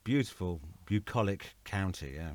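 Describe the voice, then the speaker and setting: Rambling English man, low and dry. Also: expressive, normal speed, darkish tone, dry recording. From England. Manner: rambling, self-correcting storyteller. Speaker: guest. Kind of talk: casual conversation.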